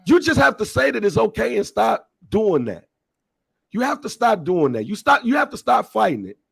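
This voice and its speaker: A man co-hosting a podcast in heated casual banter, loud and teasing, repeating himself insistently. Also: high voice, sing-song, moderate pace, creaky, husky, dry recording. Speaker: podcast co-host.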